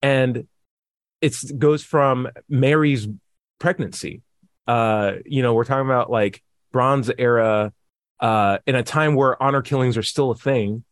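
A man's voice: medium pitch, a little slow, dry recording, clean studio sound. A man in casual podcast chat, arguing with sarcasm and acting out quoted people in mocking voices.

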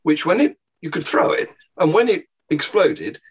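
Husky storytelling man from the UK. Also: on the high side, big pitch swings, moderate pace, poor audio. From United Kingdom. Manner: storytelling with hesitant restarts. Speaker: panel guest. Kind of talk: casual panel chat.

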